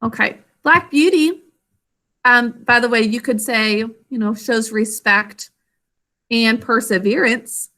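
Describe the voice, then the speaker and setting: Bright-voiced woman teaching on a video call. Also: a little high. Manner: encouraging, sounds out words slowly. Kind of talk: online class teaching.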